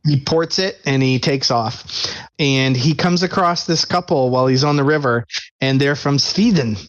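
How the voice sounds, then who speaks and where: A man's voice: medium pitch, moderate pace, muffled recording. A man co-hosting a casual movie review podcast, who laughs often and rambles while retelling scenes. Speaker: podcast co-host.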